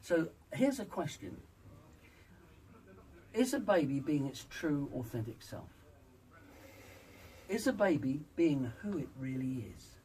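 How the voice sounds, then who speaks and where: A man's voice: on the high side, sing-song, slow, long pauses, warm tone, distant mic, low-quality recording. A man working as a vocal coach, speaking emphatically in an interview and demonstrating vocal sounds. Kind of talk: interview, teaching voice exercises.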